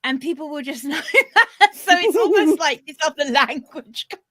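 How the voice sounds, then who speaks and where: Animated woman, lively pitch. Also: moderate pace. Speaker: podcast guest. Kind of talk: casual chat.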